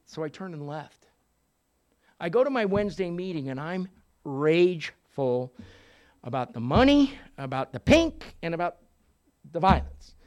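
A man in his sixties with a notably high voice tells a personal recovery story. He is animated and profane, dropping into hushed asides and then rising to loud bursts. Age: 60s. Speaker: recovery meeting speaker. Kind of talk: storytelling talk.

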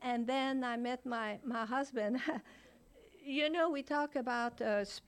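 A woman's voice: fairly high pitch, unhurried, clear, resonant tone. An older woman speaking frankly at a recovery meeting, blunt and laughing often as she shares.

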